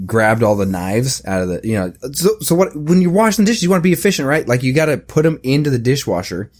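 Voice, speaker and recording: A man's voice: medium pitch, sing-song, quick pace, darkish tone. A man in his thirties co-hosting a podcast, laid-back, laughing often and rambling through anecdotes. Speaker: podcast co-host. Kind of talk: casual comedic chat.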